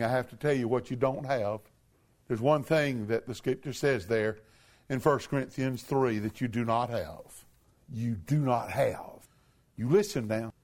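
A man preaching a sermon from a church pulpit, emphatic, with big swoops up to shouted peaks. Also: medium pitch. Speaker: pastor.

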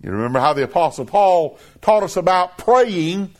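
A man's voice: sits high, animated, normal speed, few pauses, a little mellow. A man preaching a sermon, earnest and emphatic, who repeats phrases for stress.

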